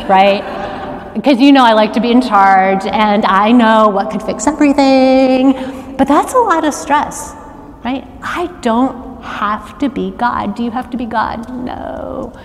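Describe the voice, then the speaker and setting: A middle-aged woman preaching a sermon, animated and asking the congregation to call out answers. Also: fairly high pitch, a little hiss or hum. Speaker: worship arts director preaching. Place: church sanctuary. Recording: long reverb of a large church hall.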